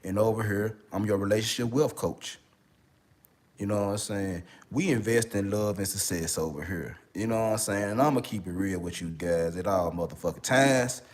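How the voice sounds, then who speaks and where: A man's voice: on the low side, moderate pace. A man from Memphis with a Memphis accent, an online relationship coach getting over a cold, giving casual video commentary full of slang and repeated fillers. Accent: Memphis, Tennessee. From Memphis, Tennessee. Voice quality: slangy, repeats "you know what I'm saying".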